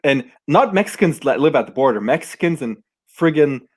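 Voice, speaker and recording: A man's voice: on the high side, lively intonation, fairly quick, a little mellow, slightly rough. A man from Germany in a loose, casual chat. He rambles through his opinions, stopping and restarting with plenty of fillers.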